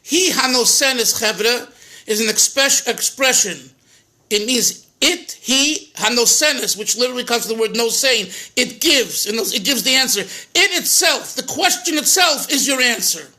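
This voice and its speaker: A man's voice: very high-pitched, lively intonation, measured pace, bright, forceful tone. A man, a rabbi, teaching a Torah class, translating phrases line by line with restarts and chuckles.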